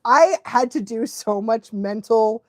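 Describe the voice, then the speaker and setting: A young woman, a dog trainer, chatting casually on a live stream, excitable and animated, laughing often and sometimes losing her thread. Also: on the high side, takes it slowly, dry recording. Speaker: dog trainer hosting a live watch-along.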